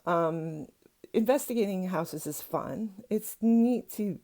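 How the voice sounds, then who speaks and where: A woman's voice: medium pitch, animated, slow, mellow. A middle-aged woman, a psychic teacher, chatting casually to camera at home, rambling with lots of fillers and asides.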